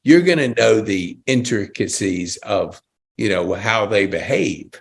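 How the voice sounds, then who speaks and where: A podcast host with a lowish, expressive, creaky voice and a breathy edge leads a casual interview chat at an unhurried pace. He's enthusiastic and rambling, often restarting his sentences.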